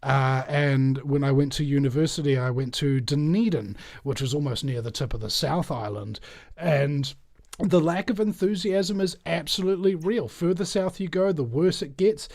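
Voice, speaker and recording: A man's voice: a little high, normal speed, gravelly, a little mellow, dry recording. Casual NZ guy hosting, rambles with lots of uhs, dead dry sound. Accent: New Zealand. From New Zealand. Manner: rambling, lots of uh fillers and restarts. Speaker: show host. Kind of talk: casual chat.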